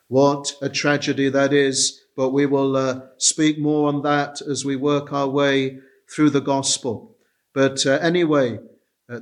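Preaching an expository sermon, a man speaks slowly and deliberately, with frequent hesitant pauses, and reads scripture in old King James wording. His voice is a little high.

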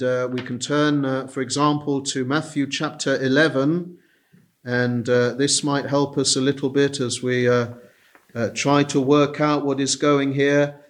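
A man preaching an expository sermon, slow and deliberate, pausing with frequent hesitations and reading scripture in old King James wording. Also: on the high side.

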